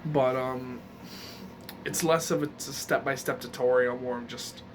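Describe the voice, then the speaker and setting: Against a noisy background, a man with a medium-pitched, steady voice and moderate pace walks through voice impressions in a casual video tutorial. His explanation wanders, and he frequently stops and restarts sentences to correct himself.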